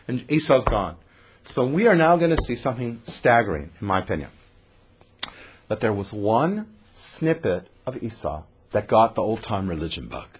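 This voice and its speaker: Husky, animated man teaching a scripture class. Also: mid-range voice. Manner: storytelling teacher who acts out the characters and quizzes the audience. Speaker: rabbi teaching a Torah class. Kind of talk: animated Torah lecture.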